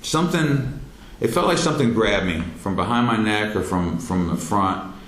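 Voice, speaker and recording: Low-voiced man telling a story. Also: expressive. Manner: halting, many fillers and restarts, rising into shouted quotes. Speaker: speaker telling his near-death experience. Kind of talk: personal storytelling talk. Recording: roomy echo, faint background noise.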